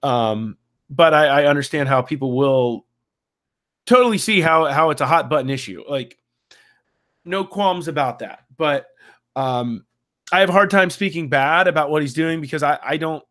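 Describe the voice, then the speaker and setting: A man's voice: on the high side, expressive, normal speed, a bit bright. Hesitant male podcast co-host. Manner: hesitant, many restarts and fillers. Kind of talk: casual chat.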